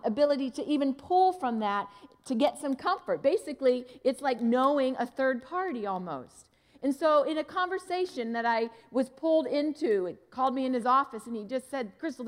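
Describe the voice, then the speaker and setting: A woman pastor delivers a sermon, telling stories with animated, acted-out exchanges. Her voice sits a little high, and a long reverb trails behind her words from the hall where she was recorded. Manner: animated, acts out dialogue in her story. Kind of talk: sermon storytelling.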